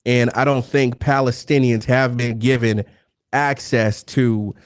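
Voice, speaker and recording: A man's voice: medium pitch, fairly even intonation, a little slow, no room sound, studio quality. A man hosting a live debate stream, talking bluntly and profanely and pushing through interruptions. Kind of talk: heated casual debate.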